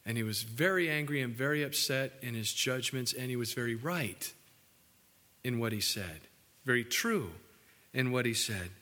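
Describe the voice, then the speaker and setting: A man preaching a sermon as pastor, animated and joking with his congregation. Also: mid-range voice, normal speed, in a large hall. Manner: animated, acts out quotes, jokes with the congregation. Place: church building.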